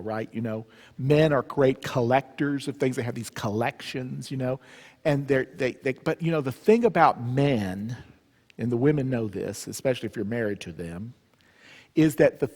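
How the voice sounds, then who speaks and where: Retreat speaker, male, comic storyteller, echoing church hall. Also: medium pitch. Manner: humorous, animated storyteller. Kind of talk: storytelling talk. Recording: long church reverb.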